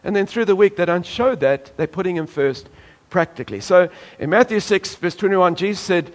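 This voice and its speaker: A man's voice: sits high, animated, normal speed. A man from South Africa preaching a sermon emphatically, now and then acting out voices from the congregation. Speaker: pastor.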